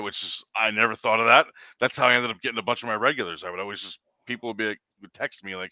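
A man's voice: on the low side, steady tone, fast talker, sharp tone, no room sound, highs cut off. A man, a rideshare driver, telling a story in casual chat, rambling, restarting words and acting out what people said.

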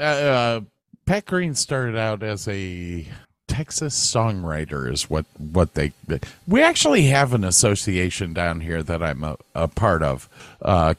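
A man with a northern US accent co-hosts a podcast in Texas, telling rambling stories in casual chat and swearing freely. His voice is low-pitched, and there's no room sound.

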